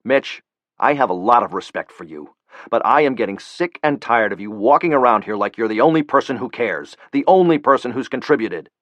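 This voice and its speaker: A man's voice: mid-range voice, expressive, brisk, fairly bright tone, dry recording, muffled recording, lightly acted. A man doing a stern president. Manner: stern, controlled.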